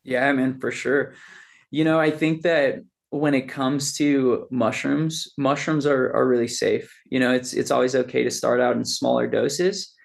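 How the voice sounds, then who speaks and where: A man telling stories in a casual podcast chat, animated and loose, calling people "dude" and "man.". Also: medium pitch, a little slow, creaky. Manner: animated storyteller, says "dude" and "man" a lot. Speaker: podcast guest.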